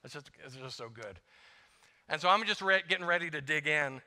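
A man's voice: on the high side, expressive, brisk, sharp tone. A middle-aged man preaching as a guest speaker, talking in a conversational, self-deprecating way and acting out little prayers. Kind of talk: sermon. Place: church sanctuary. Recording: long church reverb.

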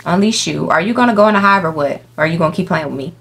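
A woman's voice: fairly low pitch, lively intonation, racing, creaky, a bit bright. A young woman giving casual, profane let's-play commentary, talking to the game animals and her viewers. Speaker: gaming YouTuber. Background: faint game music.

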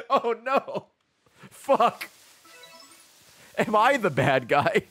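A male streamer in excitable, profane gaming commentary who laughs often. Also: high-pitched, extremely slow, soft background music.

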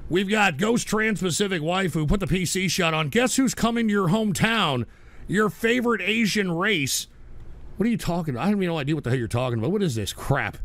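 A man hosting a live stream show, exasperated and profane, ranting and breaking into shouting outbursts. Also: high-pitched, animated, a little fast, dry recording. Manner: profane and comedic. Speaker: livestream show host.

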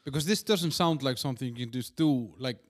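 A man hosts a relaxed podcast interview in a plain mid-pitched voice. He asks his questions haltingly, circling through fillers and restarts, and murmurs agreement while his guest talks. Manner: hesitant questions, frequent backchannel murmurs. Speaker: podcast host. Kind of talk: casual interview.

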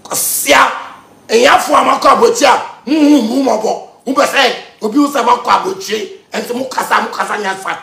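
A man with a Ghanaian accent delivering a heated ranting monologue, lurching between shouting and low muttering. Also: brisk, gravelly, reverberant. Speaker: musician.

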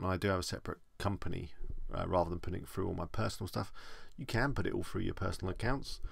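A man's voice: low-pitched, creaky, slightly rough, dry recording. A man with an English accent, chatting casually as he answers viewer questions on a live stream.

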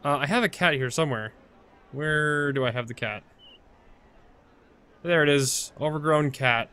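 A man's voice: a little high, a little slow, sharp tone, smooth. A man casually commenting on his own gameplay, rambling, chatty and full of fillers as he corrects himself. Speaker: video game let's-play host.

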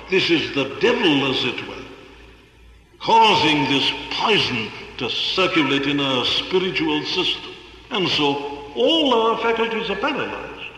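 A man's voice: a little high, bright, forceful tone. A man preaching a sermon in an earnest, rhetorical way, piling up emphatic repetitions. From Wales. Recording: echoey hall with long reverb.

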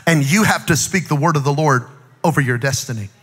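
Joking preacher in a reverberant hall. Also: male voice, a little high, brisk, husky. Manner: lively, joking preaching with playful acted-out asides and rising shouts. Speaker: pastor. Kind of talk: sermon. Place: large church auditorium.

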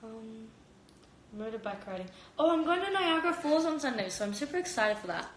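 A young Australian fighter goes live from her home kitchen, talking casually into her phone camera in a slightly high, very animated voice at a brisk pace. She rambles and giggles, filling her speech with "like." There's a roomy kitchen echo and slight background noise.

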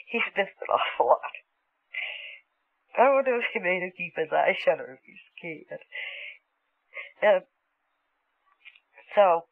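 A woman recalls events under hypnosis on a thin, phone-like old tape recording. She speaks haltingly and repeats words as she relives each moment. The sound is dry and close, with no room around her. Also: lowish voice, lively intonation, dry recording. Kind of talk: recounting a memory under hypnosis.

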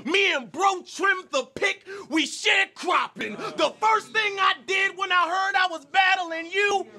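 A man performing battle rap, shouting cocky bars and laughing between them. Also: very high voice, unhurried. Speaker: battle rapper. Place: crowded battle venue. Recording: live crowd noise behind.

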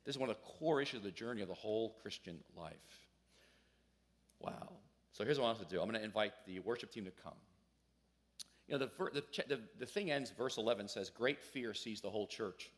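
A man's voice: fairly low pitch, expressive, fast talker. Storytelling male pastor mid-sermon. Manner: storytelling, conversational with sudden loud emphasis.

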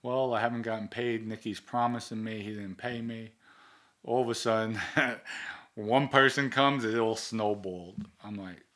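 A man with a low voice and a New York accent, retelling an old episode for an interview. He talks bluntly, swears freely and plays out each exchange in quoted dialogue. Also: fairly bright tone. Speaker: interview guest. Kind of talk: casual storytelling.

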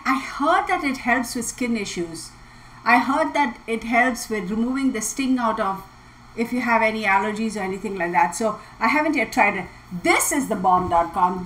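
A woman host, chatting casually on a livestream, bubbly and excitable, laughing often. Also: fairly high pitch, a little hiss or hum, rough recording. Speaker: tarot channel host.

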